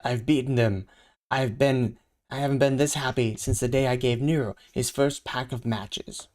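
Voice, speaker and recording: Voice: steady tone, moderate pace. Comic reader doing character voices. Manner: reads panels aloud, switching into character voices; aside comments in a lower, quieter voice. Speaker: channel host. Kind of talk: live comic book reading.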